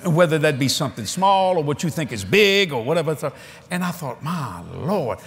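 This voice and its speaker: A man preaching at a convention, telling a story in a folksy, animated way with frequent restarts, speaking into a stage microphone before a congregation. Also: fairly high pitch, normal speed. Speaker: evangelist preacher. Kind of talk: storytelling sermon.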